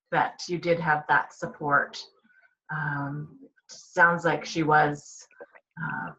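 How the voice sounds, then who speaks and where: A woman hosting an interview, asking gentle questions. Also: sits low, lo-fi sound. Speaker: interview host.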